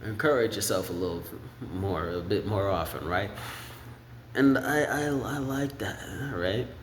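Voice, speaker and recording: Slow, low-voiced man musing in an echoey room. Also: a little hiss or hum. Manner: rambling, sings snippets of lyrics in falsetto. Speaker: music commentator. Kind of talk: casual song breakdown. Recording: echoey room with faint ambience.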